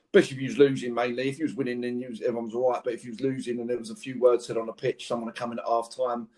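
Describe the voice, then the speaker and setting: A husky-voiced man, a former footballer, rattles through lively anecdotes in a relaxed podcast chat. His voice sits at an ordinary pitch, and he laughs his way through his stories. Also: very fast. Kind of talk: casual storytelling chat.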